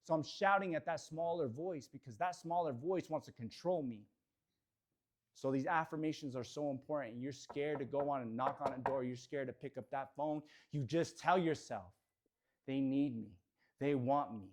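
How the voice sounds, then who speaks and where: Speaking at a moderate pace with a voice on the high side, a man fires up his real estate team in an office. He shifts energetically between quiet reflection and loud, shouted affirmations.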